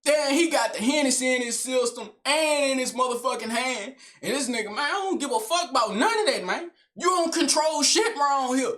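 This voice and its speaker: Male storyteller: animated, heavily profane, slangy, talks straight to the audience. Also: very high voice, a little fast, hardly any pauses. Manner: animated, slangy and profanity-laced, with frequent check-ins to the listener.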